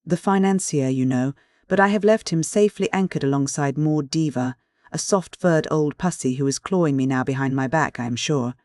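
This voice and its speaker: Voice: mid-range voice, darkish tone, no room sound, clean studio sound, close to an everyday voice. An audiobook narrator voicing a chattering, theatrical middle-aged countess who gushes with gossip. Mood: gushing. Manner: gushing, rapid, theatrical.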